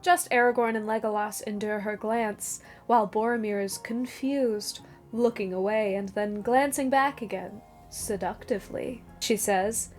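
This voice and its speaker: A woman's voice: medium pitch, steady tone, a little slow, darkish tone, faint music behind. A woman hosting a video essay in casual commentary, with wry, sarcastic asides.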